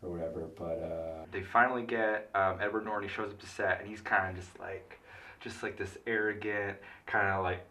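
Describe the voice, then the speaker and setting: A drunk man retelling a film in a rambling, halting way, full of filler words. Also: on the low side, steady tone, bright, forceful tone, far from the mic. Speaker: comic film recapper.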